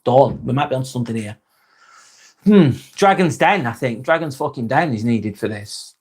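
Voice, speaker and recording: With a medium-pitched, breathy voice and lively intonation, an English live stream host talks at a normal speed. He reads out viewer comments in a casual chat, replying in a blunt, jokey way, swearing freely and often chuckling.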